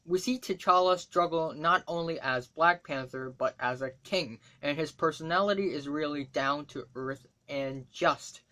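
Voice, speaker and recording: A man's voice: a little high, measured pace, few pauses, pushed and bright. A man reading his written movie review aloud in a casual, chatty way, with fillers and little asides to himself.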